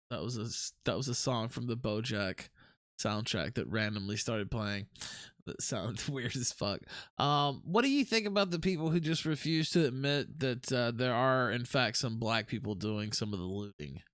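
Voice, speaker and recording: A man's voice: mid-range voice, expressive, normal speed, a bit bright, clean tone, dry recording, studio quality, faint music behind. A man hosting a casual livestream, reading chat messages aloud and swearing freely. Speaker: livestream host.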